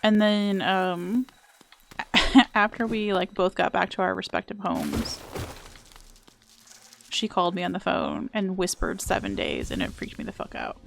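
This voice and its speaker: A woman's voice: mid-range voice, big pitch swings, measured pace, vocal fry, long pauses, a little hiss or hum. A young woman chatting casually while streaming a video game, wry and self-mocking, with some swearing. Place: home room.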